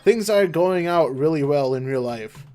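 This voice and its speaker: A young man streaming a game live, chatting casually in a flat monotone with lots of fillers and restarts. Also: moderate pace, smooth, faint music behind. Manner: flat monotone, low-energy delivery; rambling with many fillers and restarts. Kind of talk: casual live-stream chat while gaming.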